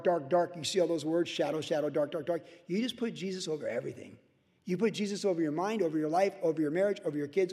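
An older male pastor with a fairly high voice preaches verse by verse in a church auditorium, his voice trailing off into a long echo from the hall. His delivery is animated and chatty, and he mimics other voices for his asides. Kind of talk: verse-by-verse sermon. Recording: echoey hall reverb.

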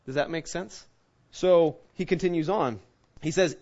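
This preacher's voice is fairly high with a darkish tone, a little slow and marked by frequent pauses, and the audio is dull. A pastor, he tells a personal story during his sermon in a conversational way, acting out the quotes.

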